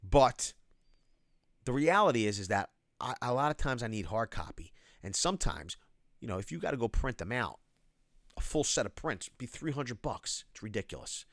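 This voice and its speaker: A man hosts a casual livestream Q&A, calling out viewers' names and answering their questions. His pitch swings widely and he sounds animated. The recording is dry and close, with no room sound. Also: moderate pace, no echo. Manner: animated, reads chat names aloud, shout-outs. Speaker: livestream host. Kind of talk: casual livestream Q&A, reading chat.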